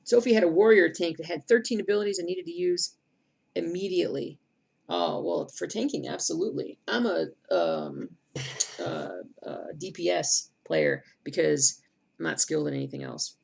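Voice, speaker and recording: Very gravelly middle-aged woman streamer. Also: fairly low pitch, sing-song, normal speed, a little mellow. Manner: chatty, rambling, answers viewer comments aloud. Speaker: cross-stitch streamer. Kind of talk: casual live-stream chat.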